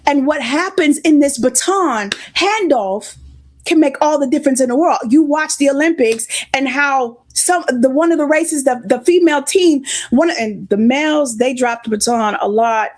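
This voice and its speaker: A woman delivers a sermon in a high voice, a little congested and sniffling now and then. She preaches in a storytelling way and stops to greet listeners by name. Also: moderate pace.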